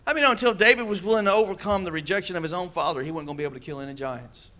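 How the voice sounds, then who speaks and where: Preacher guy, kinda high voice, calls out to the crowd and does funny voices. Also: rapid-fire, pushed and bright. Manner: preaching with call-and-response asides; acts out quoted voices with humor. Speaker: pastor. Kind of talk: sermon.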